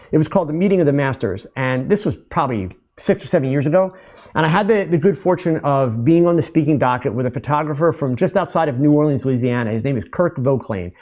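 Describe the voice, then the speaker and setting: A middle-aged man hosting a live podcast Q&A, talking in an energetic, loud, animated way and telling stories. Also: fairly high pitch. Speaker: podcast host.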